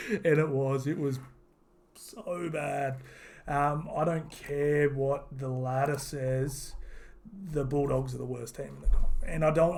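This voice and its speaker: A man's voice: mid-range voice, a little mellow. A man giving a rambling, casual sports recap full of fillers and restarts. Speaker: sports vlogger.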